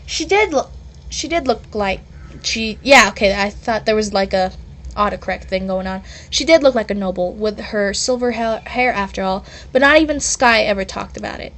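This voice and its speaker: A woman's voice: medium pitch, normal speed, fairly bright tone. A woman reading her own story aloud in a casual way, adding chatty asides and correcting herself as she goes. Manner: chatty, self-interrupting asides.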